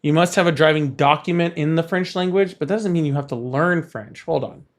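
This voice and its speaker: His voice is slightly high and his pace fairly quick. On his live political call-in stream, the talk stays casual as he brushes callers off bluntly and muses aloud in the gaps between calls.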